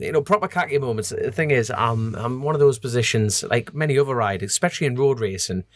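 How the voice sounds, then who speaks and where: A man with a North East English accent, a guest telling racing stories in a casual, animated way and laughing often. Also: mid-range voice, fast talker, no room sound. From North East England. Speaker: podcast guest, road racer. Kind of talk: casual chat.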